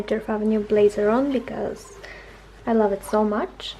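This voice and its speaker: A woman's voice: mid-range voice, fairly even intonation, normal speed, mellow. A young woman vlogging casually in a chatty, upbeat way. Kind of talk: casual vlog narration. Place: home and outdoors around town.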